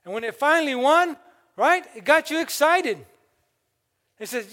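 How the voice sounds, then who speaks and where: Older guy preaching, really high pitched voice, keeps asking the church questions and calling for amen. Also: animated, measured pace, pauses often, sharp tone. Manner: exhorting, calls for amens and asks the congregation questions. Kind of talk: sermon.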